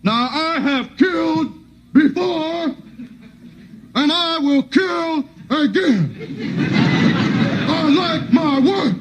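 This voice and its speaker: A comedian playing a cold, menacing army drill sergeant who speaks slowly and formally. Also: male voice, very high-pitched, lively intonation, a loud crowd, voice pushed up, full character voice. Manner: slow, measured, coldly formal. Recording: noisy old TV broadcast.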